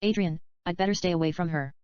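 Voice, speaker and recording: A woman reading the part of a chatty, dreamy male screenwriter in a plain, even voice. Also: lowish voice, quick pace, clean tone, dry recording, lightly acted. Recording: dull, slightly lo-fi dry recording.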